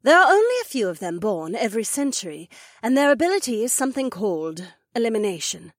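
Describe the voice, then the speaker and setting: Husky she-wolf duchess, a woman reading her, grave and knowing, pitch swinging up and down, dry close sound. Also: big pitch swings, no echo. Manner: measured, serious explaining. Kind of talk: audiobook dialogue acting.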